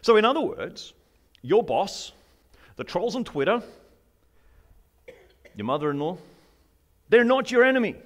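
A man's voice: sits high, sing-song, a little slow, long pauses. A man preaching a sermon in a humorous, conversational way, asking the congregation questions and joking about everyday life. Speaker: pastor.

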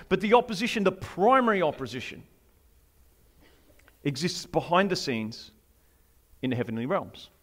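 A man delivers a sermon in a light, high voice. His preaching is humorous and conversational, with asides and questions aimed at his listeners. He keeps the tone easygoing as he speaks. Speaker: pastor.

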